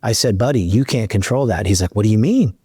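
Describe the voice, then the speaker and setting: A man's voice: fairly low pitch, fast, breathy edge, dry recording. A middle-aged man hosting a podcast, telling a long story in a casual chat and acting out the dialogue. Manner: animated, acts out dialogue in his storytelling. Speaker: podcast host.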